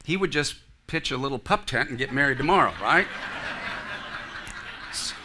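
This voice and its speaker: A man's voice: medium pitch, expressive, normal speed, noisy background. A male pastor preaching a sermon in a church, earnest, with asides to the congregation. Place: church sanctuary.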